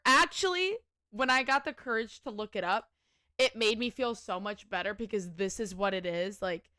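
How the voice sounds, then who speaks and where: A woman hosting a livestream, chatting casually and telling stories in an animated, profane way. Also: mid-range voice, moderate pace, no room sound, studio quality. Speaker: livestream host. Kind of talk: casual chat while gaming.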